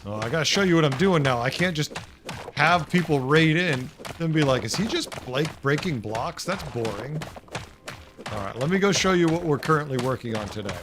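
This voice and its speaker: A man's voice: a little high, expressive, fairly quick, background noise. A man with a Boston accent streaming a building game, chatting casually with viewers. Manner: chatty, talks to chat viewers. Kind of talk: casual livestream chat.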